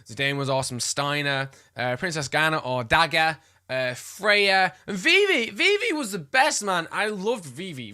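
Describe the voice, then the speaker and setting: A man's voice: high voice, pushed and bright. A man chatting casually as a gaming vlogger, enthusiastic and gushing, with playful asides. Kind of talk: casual chat.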